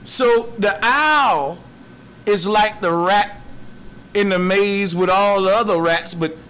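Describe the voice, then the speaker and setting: A man giving a slow, musing philosophical monologue in streetwise slang. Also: high-pitched, fairly bright tone, clean tone. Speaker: speaker.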